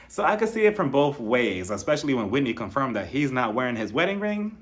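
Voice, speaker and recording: A man casually reviewing a reality show on his channel, animated and joking with frequent laughs. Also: mid-range voice, fast talker, few pauses. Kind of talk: casual commentary.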